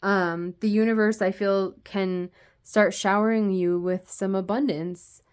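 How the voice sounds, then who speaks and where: A woman giving a casual spoken tarot reading in a gentle, meandering way, with many fillers. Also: mid-range voice, fairly even intonation, a little slow, smooth. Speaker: tarot reader.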